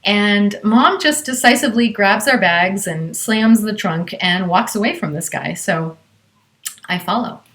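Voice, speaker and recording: A woman's voice: mid-range voice, expressive, unhurried, fairly bright tone. A woman from Southern California telling a personal story in a conversational way, with many fillers.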